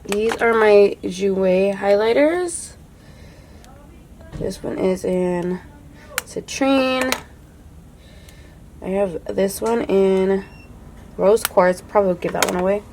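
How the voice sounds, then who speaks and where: A woman's voice: medium pitch, slow, pauses often, background noise. Chatty young woman beauty vlogger. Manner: chatty, full of "like", drops to a soft hush when admiring products. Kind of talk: casual makeup declutter chat.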